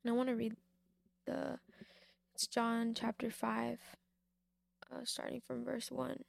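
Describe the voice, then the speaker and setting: A young woman gives a devotional talk, reading a Bible story and then reflecting on it informally, repeating key points for emphasis. Her voice is fairly high and fairly flat in pitch, slow, with vocal fry and no echo.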